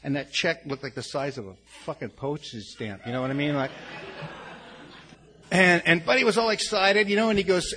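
At a recovery meeting, an older man tells the group a frank, rambling personal story full of restarts. His gravelly, mid-range voice is animated, a little fast and fairly bright, and he is earnest, cursing bluntly.

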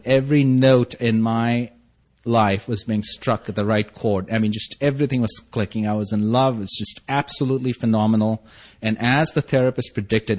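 A man's voice: lowish voice, darkish tone. A middle-aged man giving a personal recovery testimony, telling his story earnestly and rising into fervent bursts. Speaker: recovery meeting speaker.

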